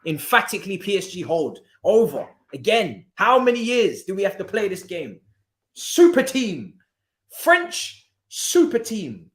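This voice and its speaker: A man's voice: high-pitched, huge pitch swings, unhurried, fairly bright tone. Slangy man commenting on football live. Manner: chatty, slangy, reacting. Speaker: streamer host. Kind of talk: casual live match commentary. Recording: echoey room.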